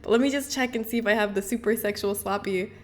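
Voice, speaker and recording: A woman streamer chatting casually with her live chat, bubbly and quick to laugh. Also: mid-range voice.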